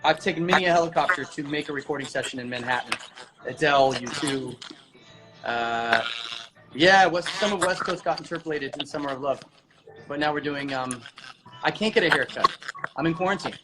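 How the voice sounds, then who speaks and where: A man hosting a casual livestream, telling lively stories while he cooks, heard over a video call. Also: fairly high pitch, a little fast, music in the background, rough recording. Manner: lively, storytelling, talks while cooking. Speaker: host.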